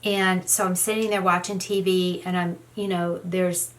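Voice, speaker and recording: A woman's voice: fairly low pitch, level tone, normal speed. A middle-aged woman tells a story in a casual, rambling way while doing her makeup, with many "you know" fillers. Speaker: beauty vlogger.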